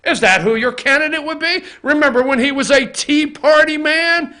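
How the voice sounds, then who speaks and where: A man hosting a political opinion show from an office, talking to the camera in a fired-up, profane rant and often shouting. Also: very high-pitched, normal speed. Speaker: host. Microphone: facing camera.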